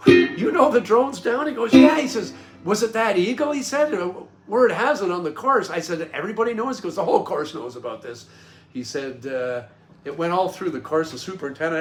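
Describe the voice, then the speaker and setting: A man casually telling a personal anecdote, acting out other people's voices and laughing at himself. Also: fairly high pitch. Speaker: host telling a personal story. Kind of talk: casual storytelling.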